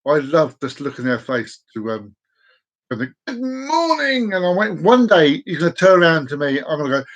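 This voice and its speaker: A man in his forties rambles through a home live stream with a slightly high voice. He is playful and chaotic, echoing his own phrases and drawing them out. Now and then he breaks into excited whoops. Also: fairly quick. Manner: sudden whoops and excited outbursts. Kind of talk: casual live-stream chat. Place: at home at a desk.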